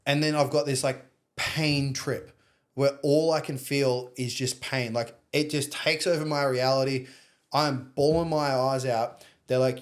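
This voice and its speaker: A man's voice: medium pitch, steady tone, unhurried. Candid, profane Australian man storytelling. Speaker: podcast guest. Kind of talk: casual storytelling interview.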